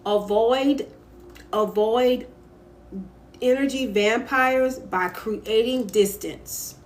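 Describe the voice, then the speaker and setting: A young woman talks straight to her live-stream viewers from home, candid and emphatic as she gives advice. Her voice sits at a middle pitch for a woman. A faint hum of background noise runs under her phone recording. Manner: candid, emphatic, reads viewer comments aloud.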